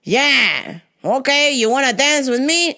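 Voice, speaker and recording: A woman's voice: high voice, lively intonation, a little slow, sharp tone, exaggerated voice. A woman voicing a huge, pushy male biker hitting on someone in a club. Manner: brash, casual flirting.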